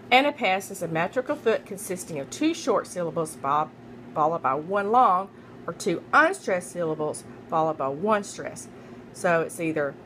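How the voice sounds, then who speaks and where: A woman's voice: medium pitch, a bit bright, slight background noise, rough recording. A young adult woman reading poetry terms aloud as a study guide. She repeats each term, spells names out letter by letter, and stumbles and corrects herself. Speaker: student making a study guide.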